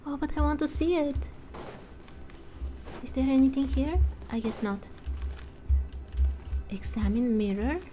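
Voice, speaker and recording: A woman's voice: high-pitched, unhurried, pauses often, warm tone, soft background music. Chatty woman reacting to gameplay. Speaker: gameplay commentator. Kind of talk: casual game commentary.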